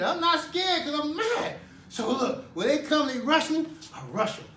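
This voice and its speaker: Storyteller, male, high and lively voice, acts out scenes with loud shouted bursts, far mic in a roomy hall. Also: moderate pace, a little hiss or hum. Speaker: storyteller recounting his prison years. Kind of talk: spoken personal storytelling to a live audience. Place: talk at a college hall.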